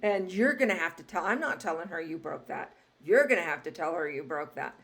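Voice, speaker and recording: A woman's voice: lowish voice, expressive, fairly quick, a bit bright. A woman acting out a worried mother scolding her young daughter, fussing and gasping as she retells it.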